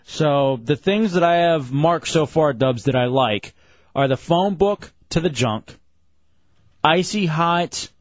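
A man hosting a late-night radio call-in show, bantering loosely with jokey, drawn-out exclamations. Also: a little high, lively intonation, no room sound. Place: radio studio. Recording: slightly dull, dry broadcast audio.

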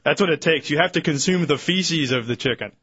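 A man's voice: a little high, brisk, fairly bright tone, breathy edge, no echo. A man speaking as a guest author on a talk radio show, giving blunt, dismissive opinions. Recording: dull lo-fi radio broadcast.

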